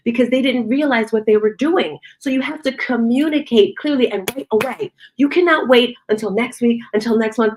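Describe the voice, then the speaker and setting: A middle-aged woman giving a casual motivational talk, expressive and chatty, acting out conversations as she goes. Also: a little high, normal speed, hardly any pauses. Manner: expressive, acts out quoted conversations. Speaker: motivational speaker and fitness studio owner.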